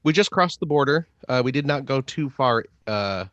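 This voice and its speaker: A man co-hosting a gaming podcast, telling a travel story in a jokey, animated way. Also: medium pitch, moderate pace, no echo, highs cut off. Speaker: podcast co-host. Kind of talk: casual podcast chat.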